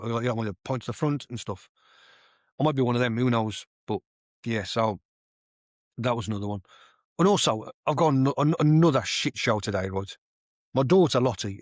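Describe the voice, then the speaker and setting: A man's voice: medium pitch, no echo, studio quality. A middle-aged man hosting a podcast, ranting casually and swearing freely as he rambles through a story. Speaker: podcast host. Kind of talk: casual rant.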